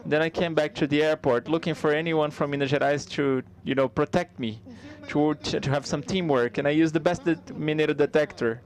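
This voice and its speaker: Male live interpreter voicing a comedy routine; somewhat high pitch, conversational, halting with restarts. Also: fairly even intonation.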